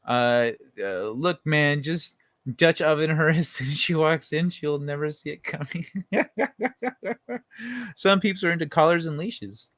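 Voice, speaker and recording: On a late-night livestream, a young man chats casually with his audience, reading the chat out loud, laughing a lot, and telling loose, profane stories. His voice is on the high side and a bit bright, slow but with lively intonation, in a dry recording.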